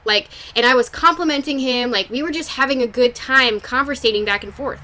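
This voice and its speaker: Bright-voiced woman telling a candid story. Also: high-pitched, a little fast, slight background noise. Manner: candid, swears freely, many fillers. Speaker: podcast host. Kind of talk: casual personal storytelling.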